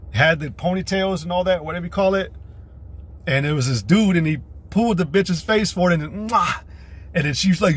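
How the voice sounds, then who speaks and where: A man with a slightly raised, husky voice rants on a livestream. He is scornful and combative and curses freely. He rambles along and stops now and then to read scripture aloud. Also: a little high, a bit bright. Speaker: livestream host. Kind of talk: profane religious rant on a livestream.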